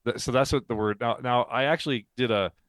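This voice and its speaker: A man's voice: mid-range voice, fairly quick, fairly bright tone, no echo. A man co-hosting a faith podcast, explaining ideas in casual chat, talkative and laughing often. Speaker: podcast co-host and author.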